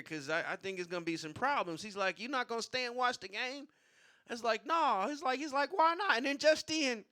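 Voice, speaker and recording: A man's voice: very high voice, pushed and bright, smooth. A male stand-up comedian at an open mic, telling a loose, profane story with punchlines.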